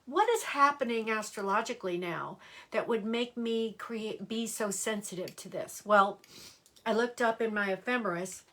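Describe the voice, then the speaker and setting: A woman's voice: a little high, fairly bright tone. An older woman chatting on a live stream as an astrologer, rambling a little and greeting viewers by name as she goes. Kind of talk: casual live-stream chat. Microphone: computer or phone live-stream mic.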